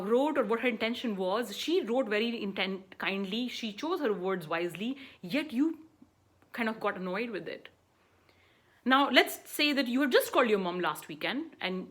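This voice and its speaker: A woman life coach giving an earnest motivational talk, often checking in with "right?" and "you know", sometimes restarting mid-phrase. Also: a little high.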